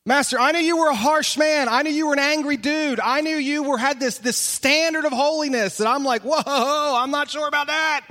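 A man's voice: very high-pitched, normal speed, hardly any pauses, pushed and bright, pitched above the performer's own voice. Man putting on a frightened pleading servant. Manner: anxious, emphatic pleading. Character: fearful male servant pleading with his master. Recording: long reverb of a large hall.

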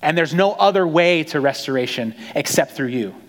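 A man preaching a sermon in a conversational, animated storytelling way, acting out quotes. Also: fairly high pitch, moderate pace, long reverb tail. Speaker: pastor.

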